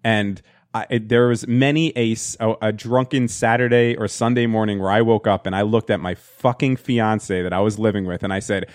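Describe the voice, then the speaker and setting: A man's voice: on the low side, fairly even intonation, moderate pace, no room sound. A man in a casual chat who swears freely and slides into mock outrage while he tells a story. His voice sits in the middle range and sounds dry and close, with no room around it. He mentions that he just woke up. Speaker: podcast host.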